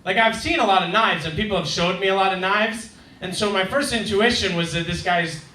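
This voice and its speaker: A man doing a stand-up set, telling a wry story and acting out his neighbours in loud voices. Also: high voice, a little fast. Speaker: stand-up comedian. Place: comedy club stage. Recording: roomy club sound, heard from a distance.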